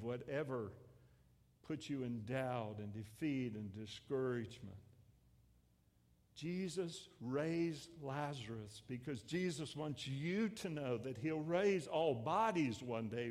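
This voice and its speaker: A man pastor preaching a sermon, swelling loud and then dropping to hushed lines. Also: mid-range voice, expressive, slow. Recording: echoey hall with long reverb.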